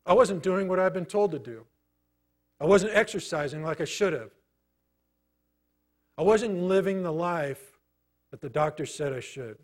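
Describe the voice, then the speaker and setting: A middle-aged man preaching a sermon, telling a personal story in a conversational way with many pauses. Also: high voice. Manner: storytelling, conversational, pausing often. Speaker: pastor.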